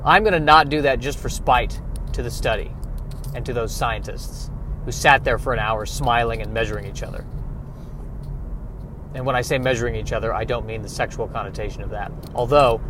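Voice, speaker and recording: Podcast host, male, mid-range voice, wry rambling monologue recorded in a moving car with faint background noise. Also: medium pitch. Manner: wry, self-mocking, rambling with restarts. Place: car, driving.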